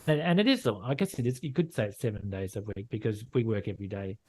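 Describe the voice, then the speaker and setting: A man's voice: fairly low pitch, fast, mellow. A middle-aged Australian man from Western Australia, a landscape photographer talking frankly in a casual interview, often repeating and restarting his phrases. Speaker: landscape photographer and gallery owner.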